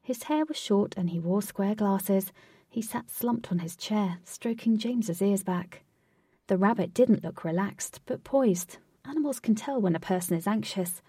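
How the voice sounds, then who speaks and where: Woman storyteller, calm read, mellow and slightly husky; dry, distant mic. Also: medium pitch, a little slow, dry recording. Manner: calm, steady reading. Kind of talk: storybook narration.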